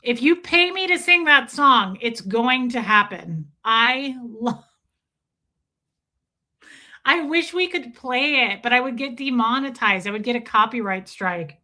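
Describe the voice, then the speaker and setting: A woman hosting a livestream in casual chat, playful and loud, her voice going a little hoarse. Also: a little high, animated, unhurried. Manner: playful, sings along loudly between chatter. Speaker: livestream host.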